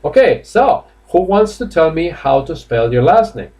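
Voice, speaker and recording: A Spanish man teaches English live online, speaking in a Spanish accent with a rather high, mellow, very animated voice at normal speed. He's chatty and coaxing, full of fillers and laughter, and he's indoors in a classroom or office.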